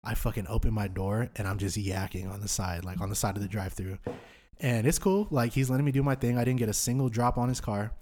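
A young man in his twenties tells a night-out story on a podcast, in a fairly low voice. His talk is loose, slangy and full of swearing. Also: steady tone, fast talker, a little mellow. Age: 20s. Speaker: podcast host. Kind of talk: storytelling in casual chat.

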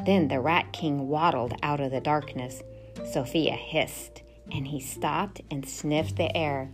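A woman with a low voice reads a children's storybook with expressive, steady narration. Music plays clearly behind her. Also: takes it slowly.

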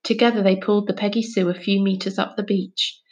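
A woman narrates a children's novel aloud at a mid pitch. Her reading is clear and steady, moving between description and quoted dialogue. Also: brisk. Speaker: audiobook reader. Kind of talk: storybook narration.

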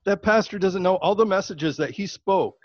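A male interview host with a somewhat raised pitch retells a brief story in a relaxed conversational way. The recording is dry and a little dull, as if muffled. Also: moderate pace, no room sound.

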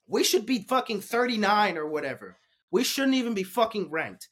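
A young man hosting a casual sports recap, ranting with lots of swearing, heated one moment and muttering in defeat the next. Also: high-pitched. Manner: ranting, profane, swings from heated to deflated mutters.

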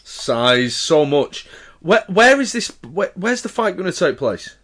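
A man co-hosting a podcast, chiming in with wry, quick remarks in casual banter. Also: sits high, very animated, a bit bright. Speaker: podcast co-host.

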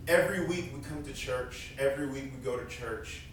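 A man's voice: medium pitch, fairly quick, slight background noise. A man preaching a sermon as pastor, in an earnest, conversational way, repeating key lines for emphasis. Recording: very echoey room, mic at a distance.

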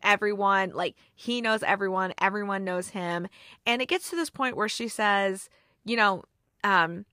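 A woman hosting a movie review show, recapping a plot in a casual, animated way, laughing often and saying "like" a lot. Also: medium pitch, moderate pace, no room sound, clean studio sound. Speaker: movie review podcast host.

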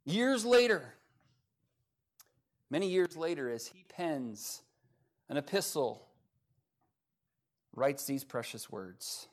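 A man preaching as pastor at a church service, with folksy humor, swinging from quiet asides to loud, rising passages. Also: on the high side, lively intonation, slow pace, long pauses. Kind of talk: sermon.

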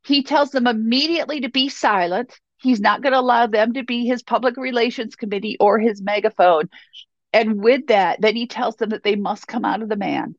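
A woman's voice: fairly high pitch, moderate pace, dry recording. A woman Bible teacher giving a sermon in an emphatic, repetitive way, on a dull, dry recording.

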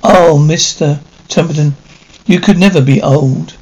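A man playing a gentle, loyal male servant in a 1950s television drama, speaking politely and soothingly. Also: a little high, a little slow, lo-fi sound. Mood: soothing, deferential. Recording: faint hiss of an old TV soundtrack.

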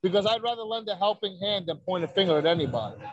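Brash profane high-voiced wrestler. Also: male voice, animated, quick pace, highs cut off. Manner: brash, profane, boastful storytelling. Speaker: wrestler guest. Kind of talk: casual podcast interview.

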